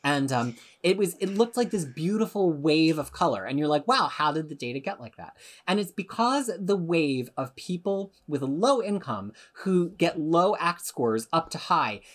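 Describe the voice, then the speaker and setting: A woman's voice: low voice, lively intonation, normal speed, few pauses. A woman co-hosting a casual comics podcast, talking passionately and sometimes ranting and swearing. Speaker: podcast co-host. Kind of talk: casual chat.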